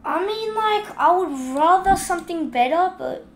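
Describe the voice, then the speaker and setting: A woman giving casual gameplay commentary, chatting along and scolding the fish in the game out loud while she has the hiccups. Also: very high-pitched, lively intonation, unhurried, echoey room, slight background noise. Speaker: gaming video host.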